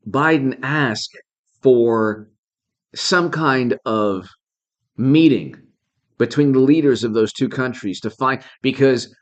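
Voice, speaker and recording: A man hosting a live political commentary stream. He talks in an indignant, repetitive way, piling up rhetorical questions and stopping to thank viewers by name. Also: mid-range voice.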